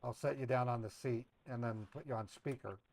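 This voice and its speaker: A man hosts a live scambaiting stream, chatting casually and playfully with viewers while feigning eager excitement to a scammer on the phone. His mid-range voice moves a little fast, and the audio is poor with slight background noise.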